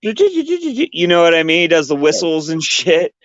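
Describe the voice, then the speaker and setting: A man's voice: a little high, very animated, measured pace, fairly bright tone, dry recording. A man in casual chat, laid-back and swearing a lot. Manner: laid-back and heavily profane. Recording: dull, dry lo-fi sound.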